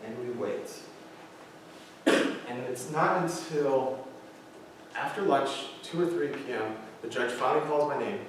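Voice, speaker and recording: A man in his thirties, a motivational speaker, tells a personal story to high school students in an earnest way. He uses dramatic pauses, and his voice often sinks low and quiet. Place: large school hall. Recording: echoey hall, distant mic, faint hiss.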